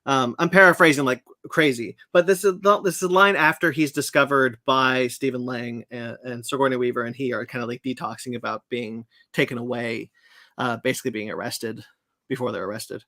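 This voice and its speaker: A man's voice: mid-range voice, steady tone, a little fast, bright, forceful tone, dry recording. A man hosting a podcast, talking loosely about a film with many hesitant fillers. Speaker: podcast host. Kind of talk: casual film discussion.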